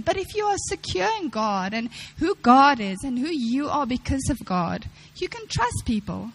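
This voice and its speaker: A woman's voice: high-pitched, big pitch swings, a little slow, few pauses, fairly bright tone, poor audio. A young woman preaching a sermon to women, earnest, repeating phrases and acting out quotes.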